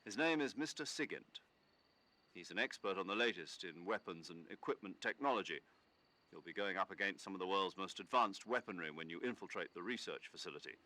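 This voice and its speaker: An actor playing a stern male commanding officer briefing an agent in a video game, measured and authoritative. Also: lowish voice, sharp tone.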